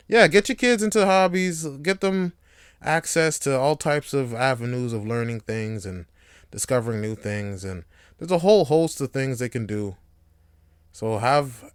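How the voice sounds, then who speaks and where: A man's voice: lowish voice, smooth, no echo, studio quality. A young man hosting a casual solo podcast, loose and rambling, swearing freely. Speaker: podcast host.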